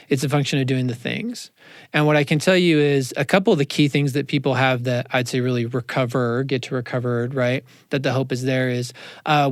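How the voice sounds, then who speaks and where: A man, a counselor, talking in a casual interview, animated and quick with asides, in a studio. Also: medium pitch, dry recording. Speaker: counselor, podcast guest. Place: radio studio.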